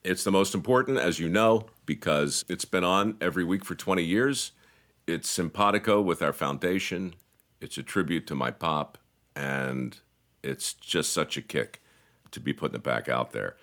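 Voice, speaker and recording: A man's voice: deep voice, moderate pace, a bit bright. A middle-aged man in casual podcast chat, telling stories with laughter and mimicked voices. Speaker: podcast co-host.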